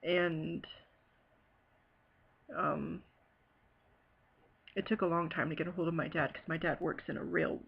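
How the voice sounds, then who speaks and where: A woman from Ohio telling a personal story in a halting, hesitant way, full of fillers and pauses. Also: low voice, steady tone, gravelly, slightly rough, highs cut off. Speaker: bereaved sister telling her story. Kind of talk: personal testimony.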